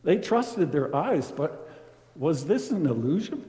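Male storyteller reading verse with drama and a mellow, unhurried delivery. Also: fairly high pitch. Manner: expressive, dramatic swings in loudness. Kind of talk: rhyming storybook narration. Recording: roomy with long reverb.

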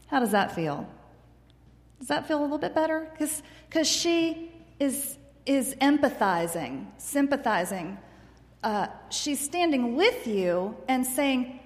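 A woman teaching a class of children, gentle and encouraging, asking them questions as she goes. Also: high voice, lively intonation, measured pace. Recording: echoey room, faint background noise.

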